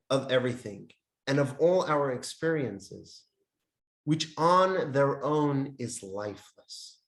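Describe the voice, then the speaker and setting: Man teaching in an echoey room. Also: a little high. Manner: speaks in short emphatic phrases with pauses; reads from a text handout. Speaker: teacher of a Jewish meditation class. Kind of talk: classroom lesson with storytelling. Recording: roomy echo.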